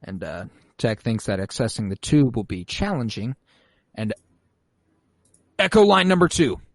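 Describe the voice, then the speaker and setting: A man's voice: mid-range voice, very animated, a little slow, no echo. A young man co-hosting a podcast, recapping an episode in casual, profane chat. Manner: casual and profane, quoting characters in mock voices. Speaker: podcast co-host.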